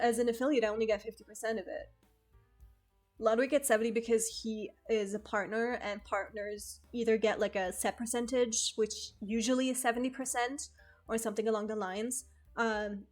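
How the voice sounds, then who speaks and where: A young woman streaming from home, chatting casually, laughing often and swearing freely. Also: mid-range voice. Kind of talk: casual chat.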